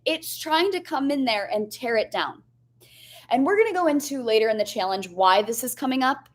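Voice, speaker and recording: A woman's voice: fairly high pitch, animated, moderate pace. A young woman coach giving a candid, chatty motivational lesson, often asking "right?" and swearing casually. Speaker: life coach.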